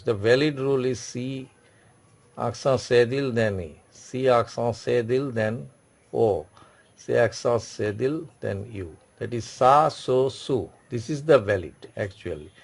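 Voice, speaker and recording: Gravelly-voiced man teaching a class. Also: medium pitch, darkish tone. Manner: repetitive, explains slowly with many restarts. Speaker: French teacher. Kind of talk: classroom lecture.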